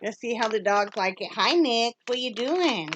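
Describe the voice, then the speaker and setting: A woman from Wyoming chats her way through a dog subscription box in a casual home vlog, breaking off again and again to scold and coo at her excited dogs. Her voice sits a little high. The recording is noisy, with dogs rustling around her. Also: normal speed. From Wyoming, USA. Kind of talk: casual unboxing vlog chat. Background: dogs moving and making noise.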